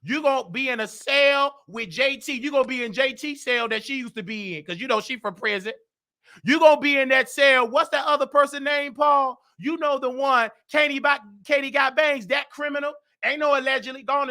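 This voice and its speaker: Loud southern guy hosting a gossip show, brash trash talk, high bright voice. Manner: brash, animated, trash-talking. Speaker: show host.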